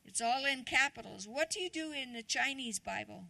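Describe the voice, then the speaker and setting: A woman's voice: high voice, animated, moderate pace, gravelly, pushed and bright. A woman guest preacher giving a chatty, conversational sermon, often asking the congregation questions.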